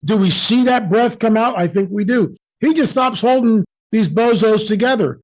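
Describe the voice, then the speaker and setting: An emphatic American man talks in an animated preaching way and often acts out the voices of people he quotes. His voice sits high for a man. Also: normal speed, rough recording. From United States. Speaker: guest speaker.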